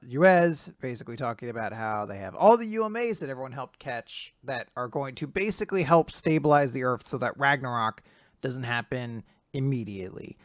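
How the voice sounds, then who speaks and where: A man's voice: mid-range voice, no room sound, clean studio sound. A man co-hosting a casual manga podcast, telling stories with wry, self-deprecating humor through his grief. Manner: grieving but joking, self-deprecating storytelling. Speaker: podcast co-host.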